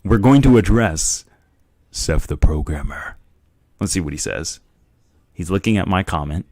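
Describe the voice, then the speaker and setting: Animated young man, dry close mic. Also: deep voice, measured pace, long pauses, no room sound. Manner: animated and joking. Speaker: streamer reacting to a video. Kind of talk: casual live commentary.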